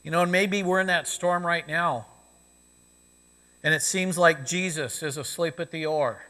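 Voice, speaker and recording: Conversational pastor with bright tone, reverberant church. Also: male voice, on the high side, unhurried. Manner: conversational preaching, frequent "you know" fillers. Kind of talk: sermon. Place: church sanctuary. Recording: long reverb of a church sanctuary.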